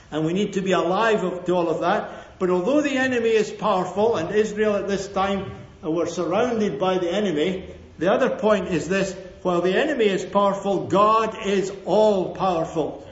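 A man's voice: sits high, normal speed. A man preaching a sermon to a congregation, emphatic and repeating his key phrases, often calling for an amen. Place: church hall with a congregation. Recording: echoey, dull lo-fi sermon recording.

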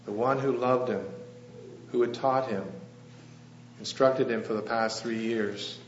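A man preaching a sermon in a church hall, telling the story gently and asking the congregation questions. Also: medium pitch, fairly even intonation, unhurried. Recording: echoey, slightly dull room with faint hum.

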